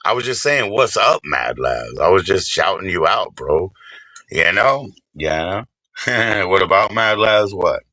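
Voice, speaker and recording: A man streaming live, rambling and swearing casually while he shouts out viewers by name. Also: low-pitched, a little slow, dry recording, low-quality recording.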